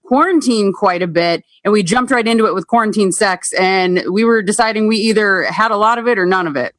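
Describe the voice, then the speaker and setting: A woman's voice: medium pitch, brisk, a bit bright, dry recording. A woman co-hosts in an upbeat, chatty way with a mid-range voice. Her voice is dry and close to the mic. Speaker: podcast co-host. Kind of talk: casual chat.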